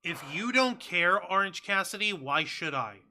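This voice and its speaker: A man with a very bright, somewhat high voice trades podcast banter about wrestling. He reacts bluntly and sarcastically and swears often. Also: expressive, moderate pace, slight background noise. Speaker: wrestling show co-host.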